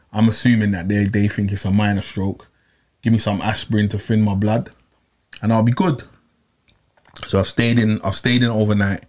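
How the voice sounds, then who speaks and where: A young man, telling a long personal story in casual chat, animated and repeating himself, full of slang. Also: fairly low pitch. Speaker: podcast regular.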